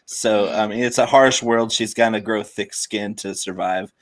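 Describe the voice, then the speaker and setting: A man co-hosting a casual sports podcast who teases the others with dry, deadpan jokes. His voice is somewhat low. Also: measured pace. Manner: joking, deadpan teasing. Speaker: podcast co-host.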